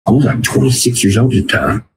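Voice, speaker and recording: A fast-talking man at medium pitch appears as a podcast guest, animatedly recounting casual stories and voicing other people's lines as quotes. The room sounds open, and background noise comes through clearly.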